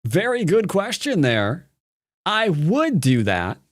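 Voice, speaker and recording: A man's voice: high-pitched, wildly swooping pitch, slow pace, no room sound, clean studio sound. A man teaching Go on a live stream, talking casually and playfully, joking with his chat and rambling with fillers and restarts. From United States.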